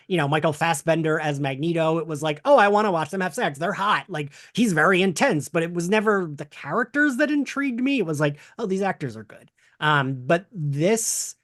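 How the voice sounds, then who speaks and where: A man hosting a casual podcast chat, talking in a rambling, animated way with lots of fillers. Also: a little high, no room sound, clean studio sound. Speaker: podcast host.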